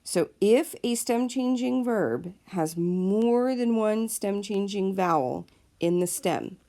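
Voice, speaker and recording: A woman's voice: medium pitch, animated, slow, mellow. A woman teacher explaining a lesson patiently, step by step, in a recorded classroom video. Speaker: Spanish teacher.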